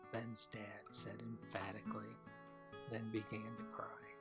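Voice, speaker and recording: A man narrating a children's audiobook in a slow, gentle reading voice. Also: lowish voice, monotone, over music.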